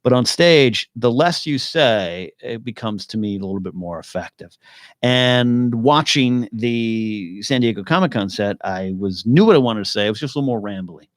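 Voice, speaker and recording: A man's voice: lowish voice, expressive, moderate pace, no room sound, clean studio sound. A man hosting his own live podcast, rambling and thinking aloud while he answers questions from the chat. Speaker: podcast host. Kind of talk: casual live-stream chat.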